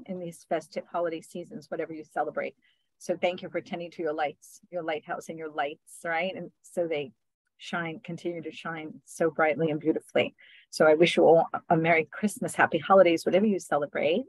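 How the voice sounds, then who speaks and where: A woman's voice: lowish voice, steady tone, moderate pace, no echo, poor audio. Earnest woman channeler on a video call. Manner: soft and earnest, tags phrases with "right?". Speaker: spiritual channeler. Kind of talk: spiritual talk on a group video call.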